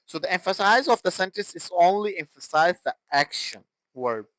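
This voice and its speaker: A man teaching English grammar in a halting way, with restarts and broken phrasing. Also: high-pitched, animated, a bit bright, dry recording, rough recording. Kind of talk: classroom grammar explanation.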